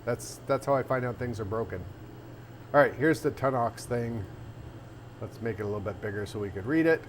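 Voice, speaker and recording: Speaking fairly quickly in a mid-range voice, an arcade owner rambles casually on a livestream, thinking aloud and restarting. He's inside his arcade café, and there's slight background noise.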